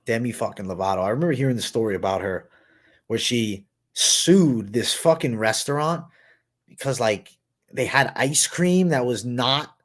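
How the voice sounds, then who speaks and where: A young man rambling on a livestream, cursing freely and tossing out slang in a loose, offhand way. His voice sits in an ordinary middle pitch. The sound is dry and close to the microphone. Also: lively intonation, moderate pace, fairly bright tone, no echo. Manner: crude, profanity-heavy slang, rambling. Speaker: livestream host. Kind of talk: casual livestream chat.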